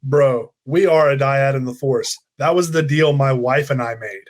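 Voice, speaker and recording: A man's voice: mid-range voice, normal speed. A young man from the United States co-hosting a casual chat, telling stories in a loose, rambling way. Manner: relaxed, rambling storyteller. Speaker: co-host.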